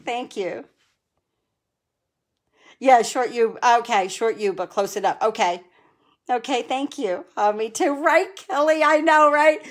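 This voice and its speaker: A woman's voice: fairly high pitch, a little slow, pauses often. A chatty middle-aged woman hosting a casual live stream from her home crafting corner. She laughs often and answers viewers by name.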